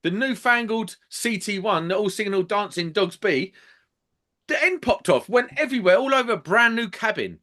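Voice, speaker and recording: Man, bright tense voice, lively pitch, sweary animated storytelling, podcast co-host. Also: moderate pace. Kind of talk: casual chat, ranting anecdote.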